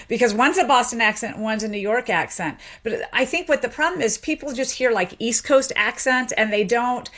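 A woman's voice: a little high, lively intonation, moderate pace, few pauses, a bit bright. A woman from the American South, a linguist guest in a radio interview, explaining in an articulate way and laughing easily.

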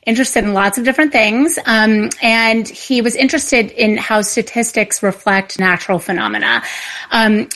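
A woman's voice: on the high side, a bit bright. Woman doctor explaining on radio. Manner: explanatory, frequent "um" fillers. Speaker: family physician guest. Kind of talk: radio interview.

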